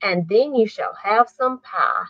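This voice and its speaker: A woman's voice: mid-range voice, expressive, takes it slowly, dry recording, highs cut off. A woman doing a sing-song mother cat. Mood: gentle. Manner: sing-song storybook scolding. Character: scolding mother cat, warm but strict.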